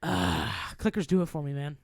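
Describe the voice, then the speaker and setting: A man's voice: a little high, big pitch swings, moderate pace, no room sound, clean studio sound. A young man co-hosting a podcast in casual chat, gushing with enthusiasm. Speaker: podcast co-host.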